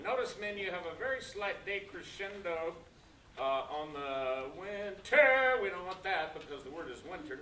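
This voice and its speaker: In an echoey room, a high-voiced choir director leads rehearsal, animatedly counting in, singing lines as examples, and explaining diction and stresses. He's recorded by a camera at a distance, so his voice sounds far away over piano and the choir singing.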